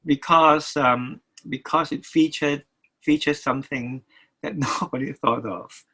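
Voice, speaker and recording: An older man, a record producer, speaks as an interview guest in a slightly high, steady voice that sounds bright and forceful. He talks haltingly, often stopping and restarting his sentences and repeating words. The recording is rough.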